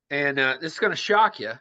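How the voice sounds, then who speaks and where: A man's voice: a little high, pushed and bright, dull audio. A man co-hosting a podcast, chatting casually about politics and making bold predictions. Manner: opinionated, makes bold predictions. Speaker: podcast co-host.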